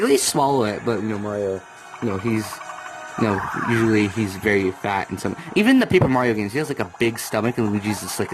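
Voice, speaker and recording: A young man rambling through casual gameplay commentary, now and then bursting into comic yells. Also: mid-range voice, background noise. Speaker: let's play gamer. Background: video game music.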